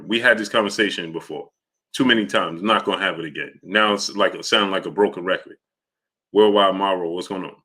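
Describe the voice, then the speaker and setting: A man's voice: sits low, pushed and bright. A man hosting a live stream, arguing with chat, repeating himself and calling out viewers' names. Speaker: boxing live-stream host. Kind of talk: casual live-stream commentary.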